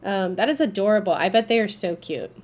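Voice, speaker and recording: Giving live gameplay commentary, a young female streamer talks casually to chat, cursing often and thinking aloud under her breath. Setbacks trigger loud, frustrated bursts before she settles again. She speaks a little fast, with medium pitch and lively intonation.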